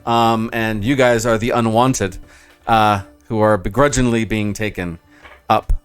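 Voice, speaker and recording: A man's voice: fairly low pitch, fairly even intonation, measured pace, clear, resonant tone, faint music behind. Casual male game master narrating. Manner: casual, filler-heavy.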